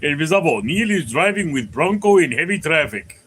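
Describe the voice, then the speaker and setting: Brief: male streamer, casual rambling chat, slightly high bright voice, light noise floor. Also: very animated, normal speed, low-quality recording. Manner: rambling, many fillers and restarts, tells jokes. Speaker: livestream host. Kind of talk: casual chat reading viewer comments.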